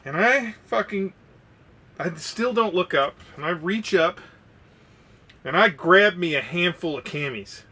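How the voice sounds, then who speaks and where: Profane, animated man telling a story. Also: high-pitched, unhurried, long pauses, husky, recorded from a distance. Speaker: podcast co-host. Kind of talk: casual storytelling.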